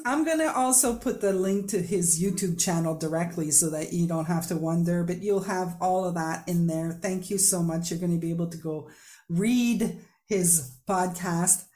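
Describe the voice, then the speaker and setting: A woman's voice: lowish voice, mellow. A woman hosting a podcast interview, chatty and upbeat, who laughs often as she talks. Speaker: podcast host. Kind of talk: casual interview chat.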